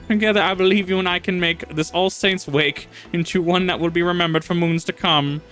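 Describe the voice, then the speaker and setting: A man's voice: high voice, steady tone, normal speed, fairly bright tone, voice pushed up, low-quality recording. A sly, pompous witch with a pumpkin for a head, as a man puts her on in a villainous male register. Her speech is grand and scheming, with light game music faint behind. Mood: grandiose. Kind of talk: reading game dialogue aloud.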